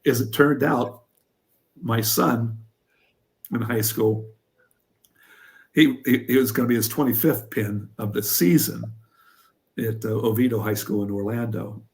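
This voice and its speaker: An older man from Pennsylvania, a former wrestler and coach, telling stories in an interview with lively energy. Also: medium pitch, unhurried, vocal fry, long pauses. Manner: animated storyteller who acts out what others said. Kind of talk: storytelling in an interview.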